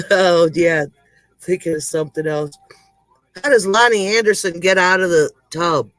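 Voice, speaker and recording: Hosting a comedy livestream, a man tells corny one-liners to his chat, laughing at his own jokes and poking fun at himself. His voice sits high and a bit bright, with a measured pace. The recording is dry and rough.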